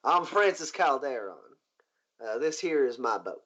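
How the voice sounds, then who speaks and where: A man's voice: mid-range voice, very animated, unhurried, fairly bright tone. A man voicing a polite, genteel riverboat owner who talks in a courteous old-fashioned drawl. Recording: muffled lo-fi recording.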